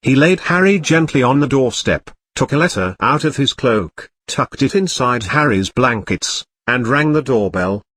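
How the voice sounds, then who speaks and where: A man narrating a comic parody storybook in an even, plain reading. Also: mid-range voice, moderate pace, few pauses, a little hiss or hum.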